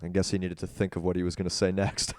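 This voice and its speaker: A man's voice: low-pitched, monotone, quick pace, a little mellow, no room sound. A man hosting a live call-in stream, teasing a caller with dry sarcasm. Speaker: livestream host taking calls.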